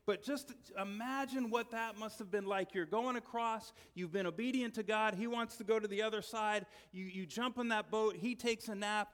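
A man preaching a sermon as a pastor, telling stories conversationally and dropping to quiet, earnest tones for emphasis. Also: high-pitched, moderate pace, hardly any pauses, long reverb tail.

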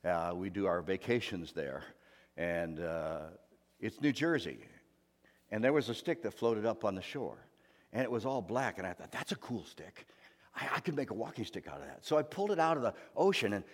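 A male pastor giving a sermon, telling stories dramatically, going from loud to hushed. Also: lowish voice, sing-song, normal speed. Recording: hall with long reverb.

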